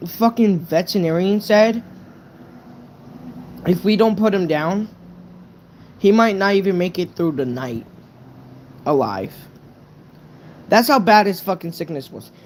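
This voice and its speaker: A man's voice: high-pitched, a little mellow, slight background noise. A young man casually telling a true story on a live stream, rambling and swearing, with lots of "right?" fillers.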